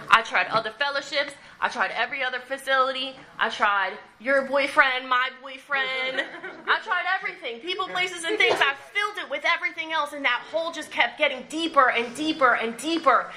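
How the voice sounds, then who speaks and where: Bright-voiced woman telling her story. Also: sits high, low-quality recording. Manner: candid, conversational, laughs through the story. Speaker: recovery speaker. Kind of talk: personal testimony at a recovery meeting. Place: meeting room.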